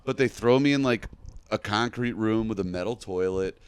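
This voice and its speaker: A young man on a podcast, talking through a long anecdote in a loose, animated way. His voice sits low and comes across smooth and resonant. He often breaks into laughter at his own story. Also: moderate pace, no echo. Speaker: podcast guest. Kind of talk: casual anecdote telling.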